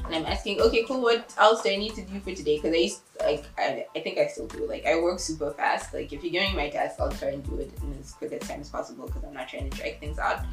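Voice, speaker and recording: A woman's voice: fast talker, hardly any pauses, reverberant, soft background music. A young woman casually telling a story, acting out the voices of everyone in it and laughing as she goes. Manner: animated, acts out quotes with big pitch jumps and laughs. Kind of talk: casual anecdote.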